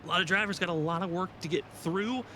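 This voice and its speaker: A man's voice: sits high, bright, forceful tone, a little hiss or hum. Upbeat man hosting a sim race stream. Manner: quick, upbeat, reads names off a list. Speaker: sim racing broadcast host. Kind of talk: live race commentary.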